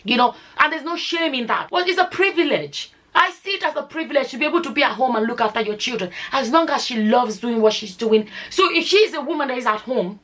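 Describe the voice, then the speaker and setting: A woman's voice: high-pitched, expressive, fast, hardly any pauses, fairly bright tone. A Nigerian woman with a Nigerian accent giving her views on a casual vlog, firing off rhetorical questions and slipping into Nigerian Pidgin. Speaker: vlogger.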